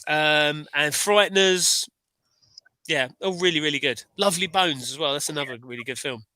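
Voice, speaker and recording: Bright, enthusiastic man. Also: fairly high pitch, normal speed, no echo. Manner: enthusiastic, rambling with many restarts. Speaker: livestream co-host. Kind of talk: casual chat.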